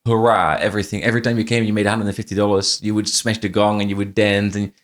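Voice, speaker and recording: A man's voice: fairly low pitch, flat delivery, fast talker. A middle-aged man, not a native English speaker, with a faint Irish-tinged accent, telling stories as a podcast guest, restarting often and repeating phrases. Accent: faint Irish-tinged non-native English. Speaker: podcast guest, franchise CEO. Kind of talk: casual interview storytelling.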